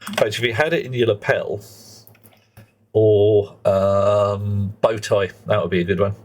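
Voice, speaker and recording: A man's voice: fairly low pitch, fairly even intonation, measured pace. A middle-aged man chatting and rambling in casual commentary while he plays a game on a live stream. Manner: rambling, chatty, muttering to himself while playing.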